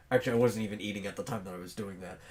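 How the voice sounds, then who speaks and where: Guy hosting a podcast, lowish voice, lots of ums and pauses while he thinks out loud. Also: a little hiss or hum. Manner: thinks aloud with long pauses and fillers; chews on bread while talking. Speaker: podcast host. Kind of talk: casual podcast chat.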